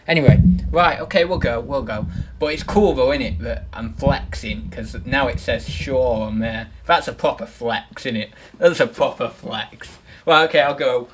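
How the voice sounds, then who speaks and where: A young man hosting a casual livestream, chatty and self-mocking as he rambles on about his new microphone. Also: medium pitch. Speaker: livestream host. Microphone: desktop microphone.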